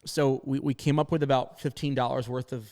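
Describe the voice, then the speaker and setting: A man from northern Maine hosts a casual podcast chat. He tells long stories with animation, slipping into the voices of the people he quotes. His pitch sits in an ordinary middle range. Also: fairly quick. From northern Maine, USA. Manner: animated storyteller, acts out quotes. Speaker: podcast host.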